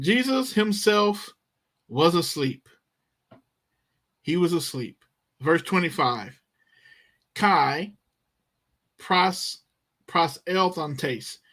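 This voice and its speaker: A man's voice: a little high, a bit bright. A man teaching Bible Greek, reading verses and explaining the verb tenses with emphatic, dramatic delivery. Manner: slow, emphatic, acts out the disciples' panic.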